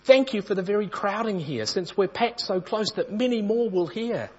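A man voicing a serene, devout young woman who encourages calmly and insistently, as he reads a story aloud in a sermon. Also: mid-range voice, normal speed, slightly rough, dull audio, pitched above the performer's own voice. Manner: calm, warmly insistent encouragement.

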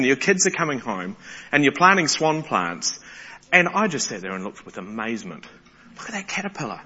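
A man preaches with excitable energy, tripping over restarts as he marvels aloud. His voice is bright and forceful. It rings out through a large hall with a long, muffled reverb. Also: on the high side, husky. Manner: animated, excitable, stumbling restarts. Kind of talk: sermon.

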